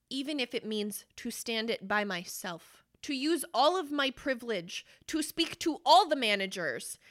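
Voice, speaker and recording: A young woman in her late twenties speaks with a slightly high voice, swearing bluntly and freely. She drives an impassioned monologue as a podcast host, dragging out key phrases for weight. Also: bright, forceful tone. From Wisconsin, US. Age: late 20s. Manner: blunt, profane and fiercely emphatic; slows down for emphasis on key phrases.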